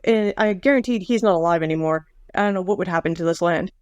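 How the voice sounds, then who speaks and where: A woman's voice: fairly low pitch, fast, clear, resonant tone, dry recording, muffled recording. A middle-aged woman co-hosting a podcast, chatting casually about a book with wry jokes. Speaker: podcast co-host. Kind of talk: casual book-discussion chat.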